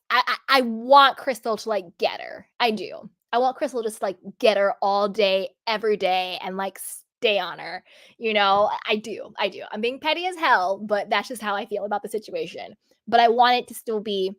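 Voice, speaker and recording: A woman's voice: mid-range voice, fairly bright tone, no echo, clean studio sound. A woman hosting a casual reality TV recap. She is sassy and opinionated, and she rambles with lots of "like" and "you know.". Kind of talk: casual chatty TV review.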